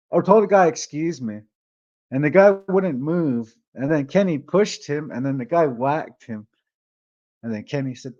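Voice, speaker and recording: Man, casual rambling storyteller, profane, tags lines with "eh", fairly high voice, dull lo-fi sound. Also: darkish tone. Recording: dull lo-fi recording.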